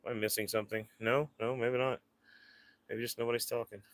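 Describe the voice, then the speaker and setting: A man's voice: medium pitch, level tone, a little fast, a bit bright, no echo. A man hosting a casual livestream, rambling to his viewers and cooing at his pets. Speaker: livestream host.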